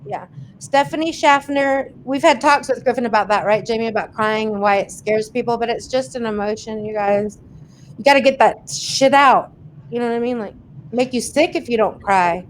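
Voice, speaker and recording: A woman's voice: fairly high pitch, moderate pace, a little hiss or hum. A woman hosting a casual livestream, chatting and laughing as she reads out viewers' comments and thanks them by name. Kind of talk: casual live chat.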